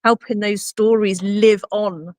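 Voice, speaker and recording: A woman's voice: mid-range voice, steady tone, slow pace, no room sound. A woman guest talks on a live ghost-hunting stream about returning to haunted places. She is earnest and agreeable, affirming others often. Her voice is close and dry. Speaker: paranormal investigator guest. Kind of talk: casual live-stream chat.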